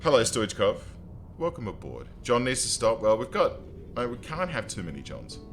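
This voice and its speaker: A man's voice: mid-range voice, wildly swooping pitch, moderate pace, soft background music. A man streaming a strategy game, chatting casually and joking as he talks to his viewers and to his in-game characters. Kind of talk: casual let's-play commentary.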